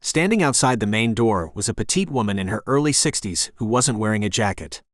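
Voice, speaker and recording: Steady male audiobook narrator, dry close sound. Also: on the low side, fairly quick, no echo. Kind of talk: scripted narration.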